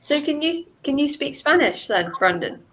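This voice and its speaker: A woman's voice: high voice, very animated, moderate pace, a bit bright, slight background noise, low-quality recording. A woman from the north west of England with a Scouse accent, chatting easily as a co-host. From Skelmersdale, England. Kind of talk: casual chat on a livestream.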